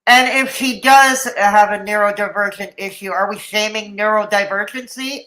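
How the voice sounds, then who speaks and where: A woman's voice: mid-range voice, steady tone, normal speed, hardly any pauses, sharp tone. Sarcastic laughing woman streamer, roomy echo. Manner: sarcastic, laughs often, chats with viewers. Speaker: streamer reacting to videos. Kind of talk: casual live-stream commentary. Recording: roomy echoey room.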